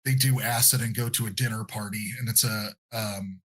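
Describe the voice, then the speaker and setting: A man's voice: fairly low pitch, steady tone, moderate pace, a bit bright, slightly rough. A man on a movie podcast who adds short, laughing remarks to the casual conversation. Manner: brief laughing interjections. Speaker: podcast co-host.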